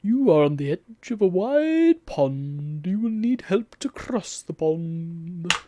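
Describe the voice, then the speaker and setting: A streamer putting on a slow, solemn talking toadstool. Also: mid-range voice, big pitch swings, a little mellow, a little hiss or hum. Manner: slow, drawn-out reading. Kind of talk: reading game text in a put-on voice.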